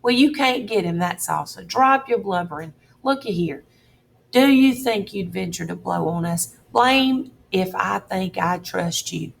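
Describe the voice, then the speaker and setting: A woman's voice: medium pitch, animated, a little slow, gravelly, a little hiss or hum. A woman voicing a middle-aged male con man who drawls and bosses in a threatening way.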